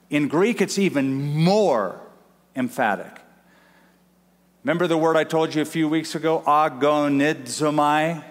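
A male pastor delivers an emphatic sermon in a fairly high voice, pausing for effect and repeating key lines. His words ring out with a long reverb, as if filling a large sanctuary. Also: expressive. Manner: emphatic preaching with dramatic pauses and repetition.

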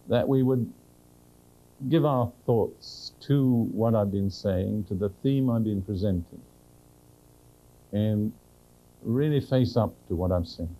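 A man preaching a sermon, earnest and direct, who slows down to read scripture with emphasis and keeps asking his listeners questions. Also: lowish voice, mellow, low-quality recording.

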